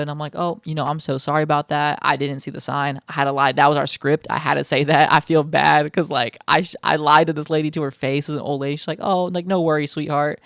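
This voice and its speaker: A young man telling a personal story casually, animated and slangy, full of fillers and swearing. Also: on the high side, gravelly, clean tone, no echo, studio quality. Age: young adult. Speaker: storytime vlogger.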